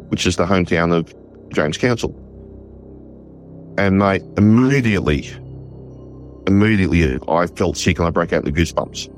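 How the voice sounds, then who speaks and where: An Australian man, a war historian, telling a story in an interview with lively retold dialogue and frequent restarts. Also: deep voice, brisk, long pauses, faint music behind. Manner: animated, retells conversations in quoted dialogue, frequent restarts.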